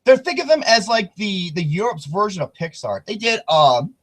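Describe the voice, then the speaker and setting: A man hosting a casual podcast chat, excitable and rambling, swearing freely. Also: sits high, moderate pace. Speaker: podcast host.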